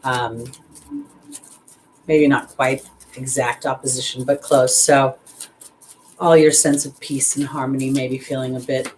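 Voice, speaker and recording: A woman's voice: a bass voice, level tone, a little slow, long pauses, darkish tone, a little hiss or hum, poor audio. A woman giving a casual astrology and angel card reading, chatty and rambling, speaking to viewers by name. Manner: chatty, rambling, laughs at herself when nervous; talks straight to viewers by name. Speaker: intuitive astrologer and card reader.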